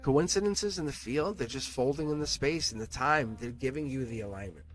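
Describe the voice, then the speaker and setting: Soft background music accompanies a man of medium pitch and fairly bright tone doing a live tarot reading at a fairly quick clip. He addresses viewers with earnest encouragement, though he repeats himself, restarts sentences, and swears from time to time.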